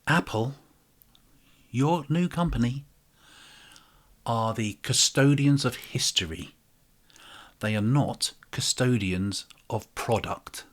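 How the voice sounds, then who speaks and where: A man at a middle pitch, speaking a sarcastic open letter straight to the listener. He swings between mock-dramatic declarations and hushed, whispered asides. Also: takes it slowly, pauses often. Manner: sarcastic, addresses listener directly. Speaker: channel host.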